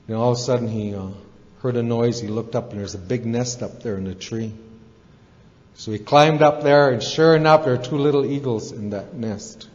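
A man's voice: mid-range voice, normal speed, darkish tone. A man telling a folksy story in an echoey hall. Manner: casual, rambling, with fillers and asides. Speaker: recovery meeting speaker. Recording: echoey hall, dull lo-fi sound.

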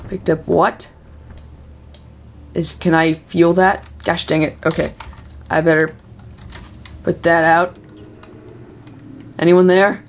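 A young woman talks her way through a scary game, fretting and muttering aloud to herself. Her voice sits low and she takes her time. A faint hiss runs under the recording. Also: level tone, slow pace, pauses often. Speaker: gamer. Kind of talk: horror game let's play commentary.

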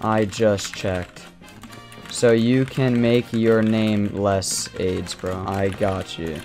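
A young gamer casually chatting and teasing a teammate during an online match, breaking into excited yells. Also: deep voice, slow, soft background music. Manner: teasing, jokey, bursts of excited yelling. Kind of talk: casual gaming chat.

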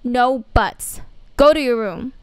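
A woman's voice: high-pitched, a little slow, clear, resonant tone, dry recording. A woman voicing a strict mother who scolds firmly. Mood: stern. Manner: firm, scolding. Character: stern strict mother of a teen.

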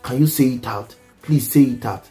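A man's voice: medium pitch, moderate pace, dark tone, faint music behind. A Nigerian man reading out viewer comments and musing on them in a casual vlog, hesitant, often repeating and restarting words.

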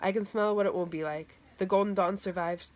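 A woman reading as a calm, confident teenage boy. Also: medium pitch, a little fast, lightly acted.

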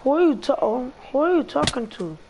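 Brash, high-voiced young man trash-talking. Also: big pitch swings, brisk, highs cut off, background noise. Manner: brash, profane trash talk. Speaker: gamer chatting in party chat. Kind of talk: casual gameplay chat.

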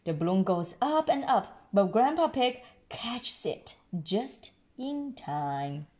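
A woman reading a picture book aloud to a child, gently explaining words along the way. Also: fairly high pitch, big pitch swings, takes it slowly. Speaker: storyteller.

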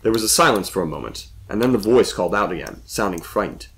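A man reading a suspenseful story as a storyteller with steady narration. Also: lowish voice, quick pace, vocal fry.

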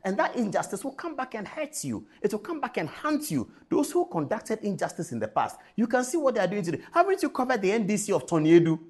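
A man's voice: high-pitched, very animated, fast, few pauses, slightly rough. A middle-aged man with a Ghanaian English accent, a TV talk show host delivering impassioned political commentary, emphatic and repeating phrases for effect.

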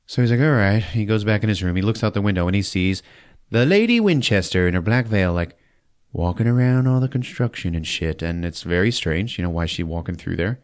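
Low-pitched and brisk, this man hosts a podcast and gives a funny, profane recap of a movie. He laughs along as he animatedly tells it.

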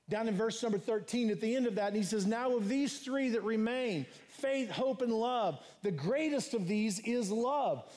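A man's voice: sits high, a little mellow. A male pastor preaching a sermon in an earnest style, repeating phrases and lifting his voice for emphasis. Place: church.

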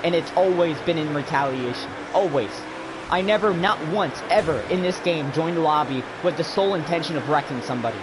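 Swearing constantly, a man furiously berates another player while streaming a racing game. His slightly high voice moves fairly quickly against a noisy background.

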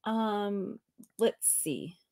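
A woman's voice: mid-range voice, expressive, drawn-out words, creaky, a little mellow. A woman co-hosting a live comics talk stream, giggly and chatty as she reads out viewer messages. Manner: giggly, reads chat aloud, often trails off. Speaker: co-host of a live comics show. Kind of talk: casual live-stream chat.

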